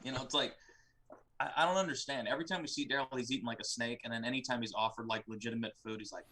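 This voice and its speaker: A man's voice: medium pitch, steady tone, rapid-fire, sharp tone, a little hiss or hum. A man co-hosting a casual review show, ranting with profanity and sarcasm. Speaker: co-host.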